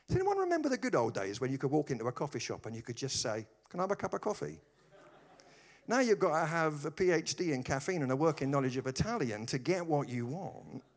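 A man preaching a sermon, telling stories with humor and acting out voices. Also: a little high. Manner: animated storytelling with put-on voices and humor.

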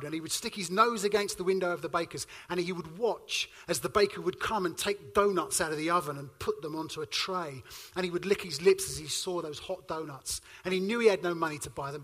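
A man in his forties preaches with a high voice that has a bright, ringing edge. He tells his stories with energy and moves between booming lines and quiet, hushed ones. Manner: lively storyteller, shifting between loud and hushed. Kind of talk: sermon.

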